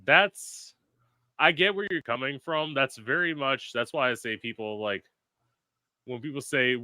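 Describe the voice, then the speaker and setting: Bright-sounding guy hosting a podcast, swears a lot, dry close mic. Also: medium pitch, a little slow, no echo. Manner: animated storyteller, swears freely. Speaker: podcast host. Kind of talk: casual chat.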